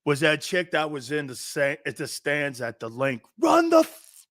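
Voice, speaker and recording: A man with a Philadelphia accent hosting an opinionated sports talk show, loud and excitable, often laughing and shouting. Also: on the high side, moderate pace.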